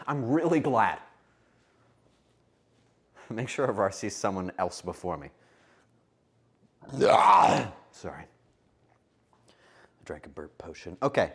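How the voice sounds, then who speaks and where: A male streamer in casual livestream chat, cooking as he talks. His voice swings up and down in a lively, animated way, and he bounces from joke to joke while teasing his chat. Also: lowish voice. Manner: playful, joking banter with chat.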